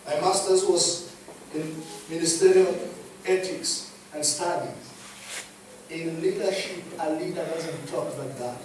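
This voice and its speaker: High-voiced Kenyan preacher in an echoey church. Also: male voice, unhurried. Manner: emphatic, swings between loud and hushed. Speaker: pastor. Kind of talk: sermon. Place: church hall. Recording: echoey hall, distant mic, faint noise.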